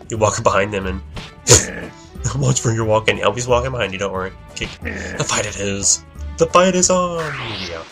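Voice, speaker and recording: Low-voiced young man mumbling gameplay commentary. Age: young adult. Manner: mumbling, rambling with self-corrections. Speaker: let's play commentator.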